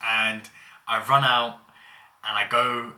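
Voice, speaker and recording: A man's voice: medium pitch, little pitch movement, slow, sharp tone. A young man casually telling childhood stories, laughing as he goes. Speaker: vlogger. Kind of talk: casual storytelling.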